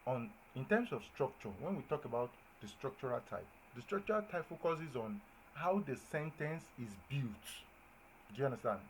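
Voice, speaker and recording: A man's voice: medium pitch, moderate pace, a little hiss or hum, poor audio. Man teaching grammar, often asking "do you understand?". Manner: checks understanding with repeated questions, lively emphasis on examples. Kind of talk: classroom-style grammar lesson.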